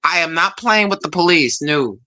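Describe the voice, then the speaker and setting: Bright-voiced chatty woman hosting a stream. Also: lowish voice, normal speed. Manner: chatty, animated storyteller who laughs often. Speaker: live stream host. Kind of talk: casual live stream chat.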